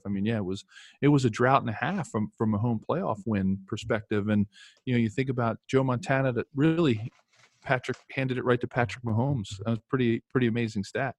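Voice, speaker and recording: A former football player telling lively anecdotes in casual chat, with many fillers and restarts. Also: male voice, mid-range voice, quick pace, no room sound.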